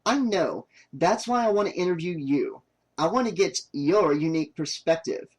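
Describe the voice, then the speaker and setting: A man's voice: a little high, expressive, normal speed. A man voicing a pushy, short-tempered young woman who makes documentaries, in a raised, exasperated voice. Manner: exasperated, snappy.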